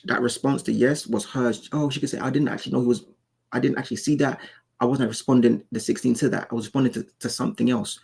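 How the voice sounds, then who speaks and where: A man's voice: medium pitch, vocal fry, warm tone, slightly rough. A man giving casual, insistent reaction commentary, often repeating and restarting his words as he argues his point. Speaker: commentary YouTuber.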